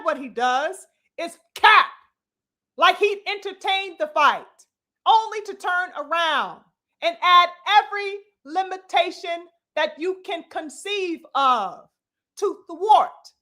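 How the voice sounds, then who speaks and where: A woman delivers heated boxing commentary in a high, bright voice. She hammers her points with profanity and calls out to her audience like a preacher. Her delivery stays emphatic and opinionated throughout.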